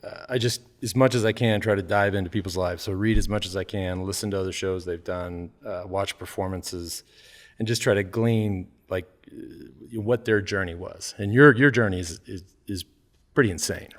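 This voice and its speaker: A man's voice: deep voice, normal speed. A male podcast host in a bar lounge, chatty and rambling in casual interview conversation. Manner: rambling, chatty, many restarts and fillers.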